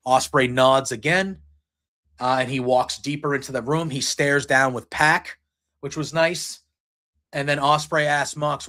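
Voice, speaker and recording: A man hosting a podcast, casually recapping a wrestling show in an excited, rambling way and retelling scenes and lines. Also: medium pitch, moderate pace. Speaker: podcast host. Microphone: streaming setup.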